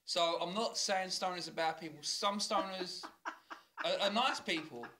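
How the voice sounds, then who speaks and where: A young man with a working-class London accent, talking in a bright, slightly high voice. He rambles and swears freely through casual podcast chat with his brother, laughing along as he goes. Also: measured pace. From South London. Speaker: podcast co-host.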